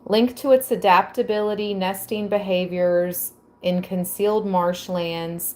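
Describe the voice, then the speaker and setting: A woman hosting a tarot reading channel, talking in a relaxed, unhurried way at a middle pitch. She reads passages aloud and muses over them, dropping soft exclamations as she goes. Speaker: tarot reader. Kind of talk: slow casual tarot reading to viewers.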